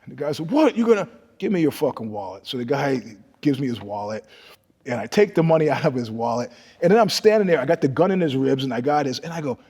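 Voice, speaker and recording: Husky older New man spinning yarns. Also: mid-range voice, fast. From New York. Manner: animated, profane, swings from loud to hushed. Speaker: guest storyteller. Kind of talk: casual storytelling interview. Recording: long reverb in the room.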